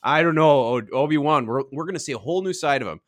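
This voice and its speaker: A man co-hosting a podcast in casual chat, gushing excitedly and swearing freely. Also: fairly high pitch, fast talker. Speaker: podcast co-host.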